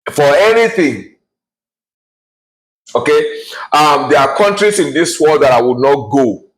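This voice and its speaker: A man in his forties rants bluntly to camera. He sounds heated and scornful, and he often restarts and fills pauses with uh. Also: medium pitch, expressive, low-quality recording. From Nigeria. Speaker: vlogger. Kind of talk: ranting to camera.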